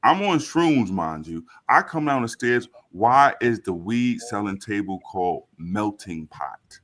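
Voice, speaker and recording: A man from Brooklyn, hosting a casual group chat and telling an excitable story with plenty of swearing. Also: lowish voice, a little slow.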